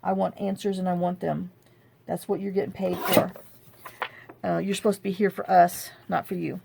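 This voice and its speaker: Sitting at her craft table, a woman who keeps a journal chats in a casual, rambling way, venting her frustration and frequently starting her sentences over. Her voice is gravelly and on the low side, with a level tone and a moderate pace, and the background is noisy.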